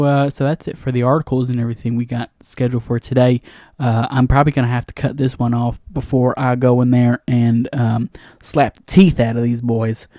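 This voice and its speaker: A man's voice: medium pitch, mellow, no room sound. A man hosting a comedy podcast, ranting in a flustered, rambling monologue full of restarts, recorded in a studio booth on a studio microphone. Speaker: comedy podcast host playing a janitor.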